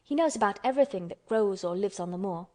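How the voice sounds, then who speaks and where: A woman's voice: mid-range voice, lively intonation, fast, warm tone, close to an everyday voice. Woman voicing a blunt, contrary girl. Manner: blunt and obstinate. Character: stubborn, contrary orphan girl.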